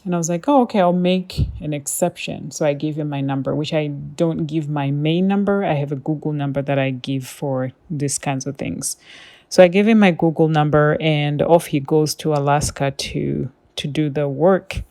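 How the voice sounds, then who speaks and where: Casual woman podcaster, low and warm, rambling storytelling full of fillers. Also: moderate pace. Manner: chatty, with many fillers and quoted asides. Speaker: podcast host.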